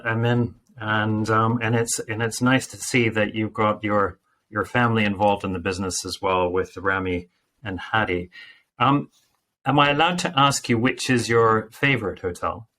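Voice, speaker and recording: A man's voice: on the low side, fairly even intonation, moderate pace, sharp tone. A man hosting a podcast interview, asking questions politely with hesitations. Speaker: podcast host.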